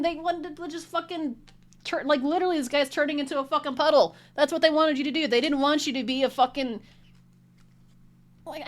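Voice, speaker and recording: A woman reading tarot cards in a vlog, talking bluntly and indignantly with heavy profanity. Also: high voice. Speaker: tarot reader.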